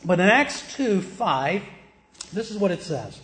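A man's voice: on the high side, big pitch swings, moderate pace, echoey room. A man from the American South with a Southern accent, preaching a sermon in a plain, emphatic teaching manner, asking the listeners questions. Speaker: pastor.

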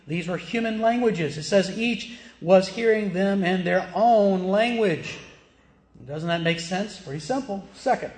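Southern pastor preaching in an echoey room. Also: male voice, high voice. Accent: Southern American. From American South. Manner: plain, emphatic teaching with rhetorical questions. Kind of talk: sermon.

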